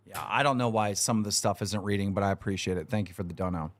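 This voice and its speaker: A man's voice: lowish voice, quick pace, no echo, studio quality. A man hosting a livestream, talking casually in a blunt, profane, scolding way. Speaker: livestream show host.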